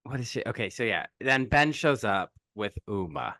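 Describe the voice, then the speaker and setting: A man co-hosting a podcast, recapping a movie in animated, joking chat. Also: mid-range voice, moderate pace, no room sound. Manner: animated, jokey, quotes characters in sped-up asides. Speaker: podcast co-host.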